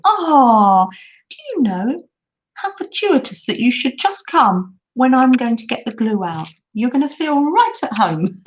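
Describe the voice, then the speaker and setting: An older woman hosting a craft livestream, chatting affectionately with viewers and reading out comments in a gushing, exclamatory way. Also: fairly high pitch. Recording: dull, lo-fi stream audio with faint noise.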